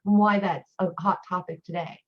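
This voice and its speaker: Husky low woman, chatty guest. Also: steady tone, normal speed. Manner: chatty, rambling storyteller. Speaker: guest teacher, occult priestess. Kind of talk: casual chat. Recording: dull lo-fi recording.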